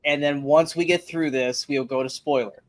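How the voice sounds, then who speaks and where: A man's voice: a little high, steady tone, normal speed, dry recording. Male podcast co-host, casual review chat, blunt and profane, dry close sound. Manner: profane, emphatic ranting.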